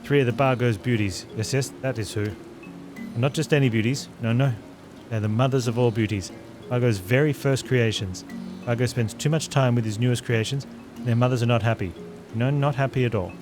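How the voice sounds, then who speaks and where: A man voicing a nervous little kobold creature that repeats every phrase with three synonyms, reading game dialogue over loud game music. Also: mid-range voice, a little fast, lightly acted. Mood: pleading.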